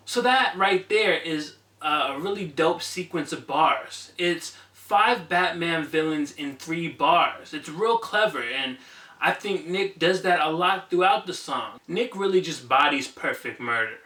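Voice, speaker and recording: Guy doing an album review on his channel, bright voice, bit echoey and off mic. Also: on the high side, lively intonation, a little slow, recorded from a distance. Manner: enthusiastic, conversational, some fillers. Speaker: music reviewer, channel host. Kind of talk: casual spoken album review.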